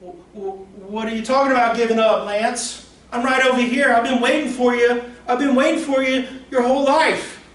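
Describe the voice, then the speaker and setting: A man voicing a personified dream that coaxes and pleads, loud and insistent, repeating the listener's name. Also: very high-pitched, fairly even intonation, normal speed, hardly any pauses, voice pushed up. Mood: pleading. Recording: roomy echo, distant mic, faint noise.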